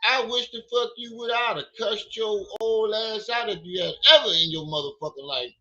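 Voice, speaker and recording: A man's voice: sits high, moderate pace, bright, forceful tone. Fired-up man ranting on a lo-fi stream. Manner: angry, profane, repeated questions. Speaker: livestream host. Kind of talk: heated livestream commentary.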